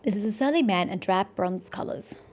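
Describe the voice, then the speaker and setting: A woman plays through a story-driven game and reads its narration aloud. Her delivery is plain and even, at an ordinary pitch, with soft game music under it. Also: normal speed. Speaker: game streamer. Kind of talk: reading game text aloud.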